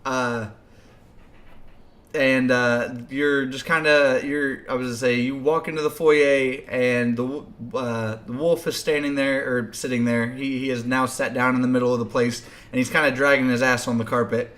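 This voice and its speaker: A man narrating a tabletop game as game master, casual and halting, laughing often. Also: mid-range voice, fairly even intonation, a bit bright.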